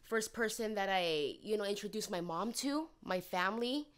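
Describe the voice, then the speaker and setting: A woman's voice: mid-range voice, lively intonation, moderate pace, clear, resonant tone. A woman in her thirties co-hosting a podcast, telling a personal story candidly and acting out the dialogue she quotes. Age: 30s. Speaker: podcast co-host.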